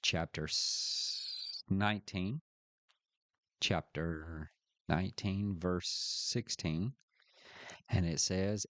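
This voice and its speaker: A man teaching a scripture study lesson, walking through the text and reading verses aloud with deliberate emphasis. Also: low-pitched, fairly even intonation, fairly bright tone, no room sound. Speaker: Bible teacher.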